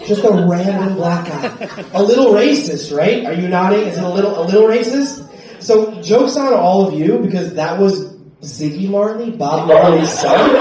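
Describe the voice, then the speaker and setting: A man from Wyoming doing a stand-up comedy set on a club stage, with loud, punchy delivery and shouted bursts. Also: high-pitched, recorded from a distance, noisy background. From Wyoming, USA. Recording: roomy club sound from off-mic. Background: audience laughter.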